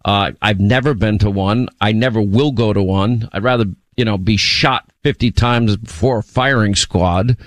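A man's voice: on the low side, moderate pace, few pauses, no echo. A man hosting a talk radio show, speaking bluntly, often repeating words as he starts a thought.

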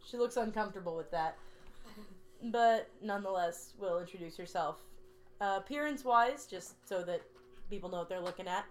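Mid-pitched woman player, hesitant. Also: normal speed. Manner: hesitant, filler-heavy describing. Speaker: tabletop game player. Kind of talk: casual chat and character description.

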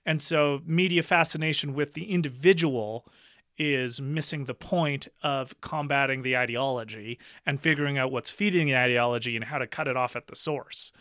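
A man's voice: mid-range voice, normal speed, fairly bright tone, no echo, clean studio sound. A man in a casual podcast conversation, speaking earnestly and thoughtfully, often breaking into a laugh.

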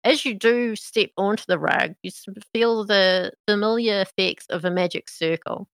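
A woman narrating a tabletop role-playing game as game master, in a slow, measured way. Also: medium pitch, dry recording.

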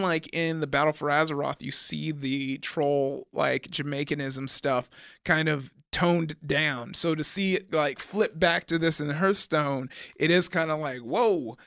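A young man talks games in a casual co-hosted chat. His voice is bright and a little high, and he stumbles and restarts as he goes, often breaking into laughter. The sound is close and dry. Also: creaky, clear, resonant tone, dry recording. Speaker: podcast co-host.

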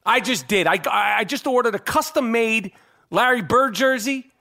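Bright and forceful, a man's very high voice carries his sports podcast and an ad read at normal speed. He talks brashly and profanely, rambling and repeatedly asking "okay?".

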